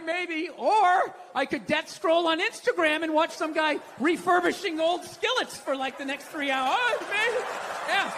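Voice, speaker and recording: A male stand-up comic on stage, ranting in a very high, sharp, forceful voice. He swears freely and sounds exasperated and animated as he builds his bit. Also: slight background noise. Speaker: stand-up comedian. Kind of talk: stand-up comedy routine.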